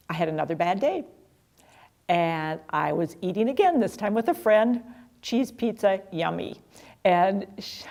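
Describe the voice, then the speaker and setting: A woman's voice: fairly low pitch, creaky, a little mellow. A middle-aged woman telling a personal story in a chatty, self-deprecating way, laughing at herself. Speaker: speaker sharing personal story.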